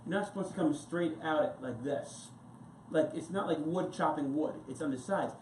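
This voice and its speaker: A man's voice: on the high side, normal speed, a little mellow, slight background noise. A male pastor giving a casual, rambling sermon full of anecdotes and asides. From United States. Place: church sanctuary. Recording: echoey church room with faint ambience.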